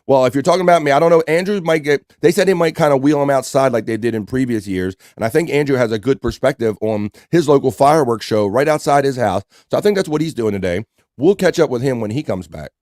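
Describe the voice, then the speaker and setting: A man's voice: medium pitch, lively intonation, fast, darkish tone, dry recording, clean studio sound. A man hosting a casual live-stream show, reading out viewer comments and greeting them by name. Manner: reads out chat messages and greets viewers by name.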